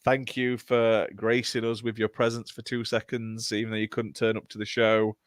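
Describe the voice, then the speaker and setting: Brash British podcast host, dry mic. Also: male voice, lowish voice, flat delivery, moderate pace, dry recording. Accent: British English. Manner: brash banter, swears freely. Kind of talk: casual podcast chat.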